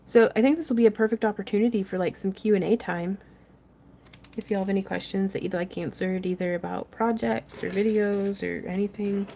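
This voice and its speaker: A woman's voice: medium pitch, steady tone, fairly quick, gravelly, dark tone. Chatty crafting woman hosting a livestream. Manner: chatty, laughs often, reads viewer comments aloud. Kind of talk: casual craft tutorial livestream chat.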